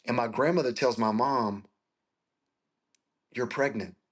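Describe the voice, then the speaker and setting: A man's voice: medium pitch, measured pace. Earnest pastor in his forties. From Florida, US. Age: 40s. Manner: earnest, emotional storytelling with restarts. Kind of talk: interview guest telling his story.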